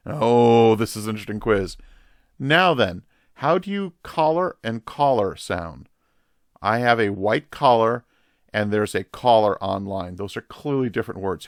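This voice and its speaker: Older new guy, pastor vlogging a quiz, lowish voice, jokey, swings up and down a lot. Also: expressive, unhurried, no echo, clean studio sound. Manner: playful, joking, thinks aloud. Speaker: pastor and channel host. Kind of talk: casual quiz reaction video.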